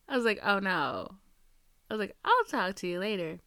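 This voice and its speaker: A woman's voice: medium pitch, sing-song, normal speed, fairly bright tone, no echo, studio quality. A young woman hosting a podcast, telling a dating story in a casual, profane, chatty way and acting out both sides of the conversation. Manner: chatty, profane, reenacts dialogue with quoted voices. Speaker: podcast host.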